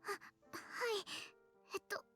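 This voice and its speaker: A woman voicing a timid, shy small girl in a visual novel, speaking in a hesitant, halting near-whisper. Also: fairly bright tone, soft background music, lightly acted. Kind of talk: Japanese visual novel voice acting.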